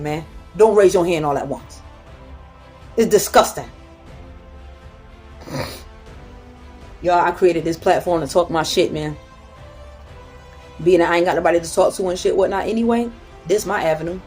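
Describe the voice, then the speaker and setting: Blunt husky-voiced woman, faint music. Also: medium pitch, normal speed, pauses often, darkish tone. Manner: blunt, profane, storytelling. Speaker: motivational talk host. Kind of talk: casual motivational talk.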